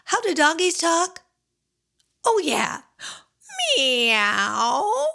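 A woman hosts a show for young children, leading games in a silly, sing-song manner. Her voice sits a little high and swoops about a great deal as she speaks. She takes her time, and her voice has some gravelly fry. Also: very animated, slow pace, fairly bright tone. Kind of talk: playful talk to young children.

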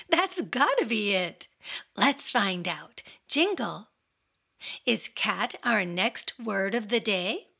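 A woman hosts a children's radio program in an upbeat, cheerful manner, speaking straight to the kids listening. Her voice is bright with a gravelly, slightly husky edge. She talks slowly and her pitch swings widely.

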